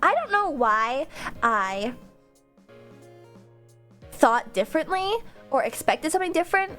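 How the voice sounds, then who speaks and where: A woman's voice: high-pitched, sing-song, measured pace, a bit bright, faint music behind. A woman streamer chatting casually with her viewers, rambling into tangents and laughing often.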